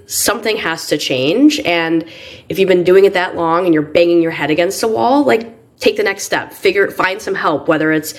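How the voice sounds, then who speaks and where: Enthusiastic lower-voiced woman interviewer. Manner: enthusiastic, encouraging. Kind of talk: conversational interview.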